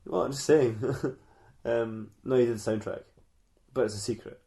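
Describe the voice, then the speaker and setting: A man co-hosting a comedy podcast, telling a story in a rambling, giggly way with lots of halting restarts. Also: medium pitch, vocal fry, dark tone. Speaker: podcast co-host.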